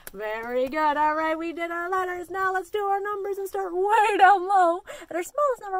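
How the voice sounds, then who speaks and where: A woman librarian leading a children's story time, reading a picture book and counting and singing in an animated, sing-song way for young kids. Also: extremely high pitch, normal speed, hardly any pauses, dry recording.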